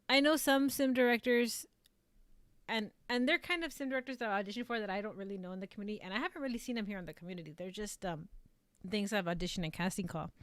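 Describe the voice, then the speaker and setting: A woman streamer who does amateur voice acting, chatting casually and rambling with many fillers and restarts in a fairly flat delivery. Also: clear, resonant tone, dry recording. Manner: flat, low-emotion delivery. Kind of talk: casual live-stream chat.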